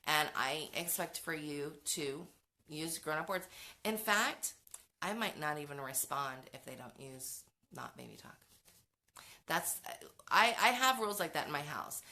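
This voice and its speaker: A woman's voice: sits low, bright, forceful tone. A middle-aged woman hosting a parenting show, giving frank, chatty advice in a casual talk with many fillers and restarts.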